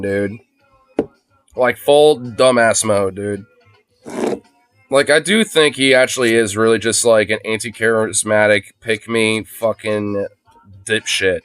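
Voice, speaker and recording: A man's voice: mid-range voice, dry recording. A man chatting casually on a phone livestream, rambling and swearing freely, with lots of fillers. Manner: rambling, profane, heavy use of fillers.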